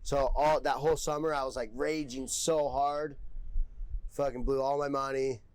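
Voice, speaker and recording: A man's voice: medium pitch, level tone, normal speed, smooth, low-quality recording. A young man, a podcast guest, telling stories in a casual, rambling way, full of swearing and filler words. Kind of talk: casual storytelling.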